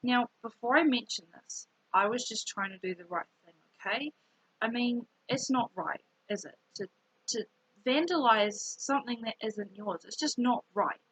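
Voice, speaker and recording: A young woman telling a rambling, animated story from her school days in a casual vlog, with many fillers. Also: on the high side, moderate pace, breathy edge, no echo, rough recording.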